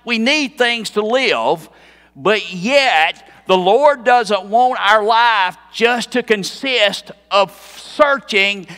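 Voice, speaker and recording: Male pastor, slow deliberate preaching, bright tone, long church reverb. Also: sits high. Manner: conversational, quizzes the congregation, emphatic. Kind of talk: expository sermon. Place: church sanctuary.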